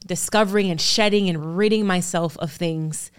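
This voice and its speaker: A woman's voice: on the low side, normal speed, clear, resonant tone. A woman in her thirties, an actor and producer, speaking candidly as a podcast guest. She talks earnestly and with emphasis, often in strings of rhetorical questions. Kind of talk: candid interview talk.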